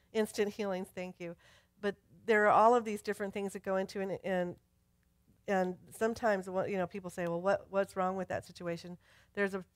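A woman pastor preaching a sermon, telling a Bible story with lively bursts of emphasis and reading scripture aloud. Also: on the low side, dry recording. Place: church sanctuary.

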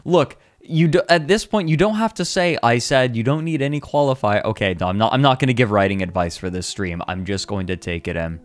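A man streaming a comedic dramatic reading, deadpan and slow, with laughing asides. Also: mid-range voice, dry recording. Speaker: streamer reading a fanfic aloud.

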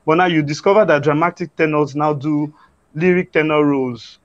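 A man, a guest singer answering interview questions haltingly, with many fillers and restarts. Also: on the high side, highs cut off.

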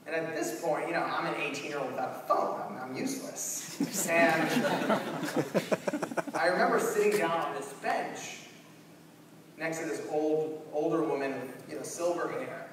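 A young man giving a storytelling keynote in a large conference hall, animated and acting out scenes. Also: on the high side, normal speed, background noise. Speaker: keynote speaker. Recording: echoey hall from far off.

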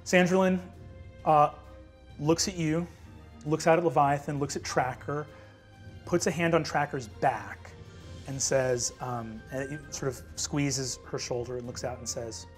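A man narrating a tabletop game as game master, lively and peppered with fillers between vivid scene-setting. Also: a little high, measured pace, soft background music.

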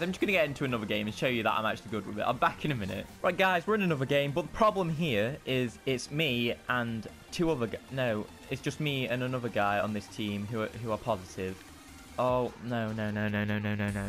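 Excitable young man gaming. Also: medium pitch. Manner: excitable, frustrated outbursts and self-mocking asides. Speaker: gaming channel host. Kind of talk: casual gameplay commentary.

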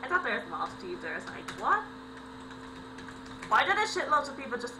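A young woman hosts a gaming channel, delivering excitable let's-play commentary full of sudden yelps and laughs. Her voice is high, a little fast, with frequent pauses, and the home recording has mains hum.

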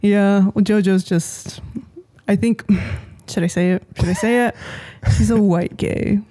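A woman's voice: mid-range voice, fairly even intonation, a little slow, mellow. A woman co-hosting a podcast in casual chat, playful and giggly in easy banter. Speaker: podcast co-host.

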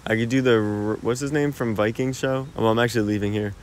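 A young American man with a lowish voice, chatting casually to his stream as he walks outdoors. His talk is slangy and laid-back, and he laughs often. Faint outdoor ambience sits behind his phone-recorded voice. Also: fairly even intonation, fast talker, slight background noise. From United States. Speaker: livestreamer. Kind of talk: casual live-stream chat. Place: outdoors in a park-like cemetery.

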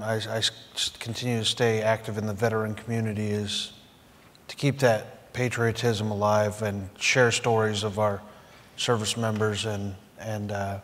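A middle-aged man answering on a panel in an earnest, halting way, often repeating words. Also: fairly low pitch. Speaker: panelist, Medal of Honor recipient. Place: auditorium panel. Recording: echoey hall sound.

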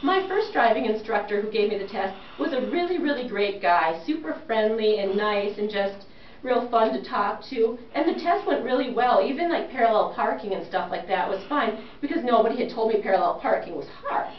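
A woman telling a funny personal story to a small group of listeners, in a self-mocking, animated way. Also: fairly high pitch, brisk. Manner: animated, self-mocking, acts out quoted lines. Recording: roomy, distant, dull recording with faint hiss.

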